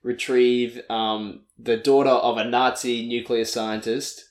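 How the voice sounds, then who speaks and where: A man co-hosts a casual podcast, recapping a film in a rambling way full of fillers and false starts. His voice sits at a middling pitch and sounds echoey, as if he is in a bare room. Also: flat delivery, slow. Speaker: podcast co-host. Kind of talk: casual chat.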